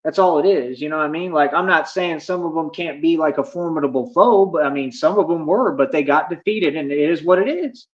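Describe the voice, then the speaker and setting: A man's voice: fairly high pitch, a little fast, few pauses, dull audio. A man ranting defiantly at his chat during a phone livestream, boastful and combative.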